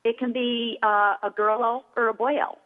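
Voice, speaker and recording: A woman's voice: fairly high pitch, normal speed, big-room sound. Woman guest on a tinny phone line. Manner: animated, explains with acted-out examples. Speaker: toy store owner, guest. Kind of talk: radio interview.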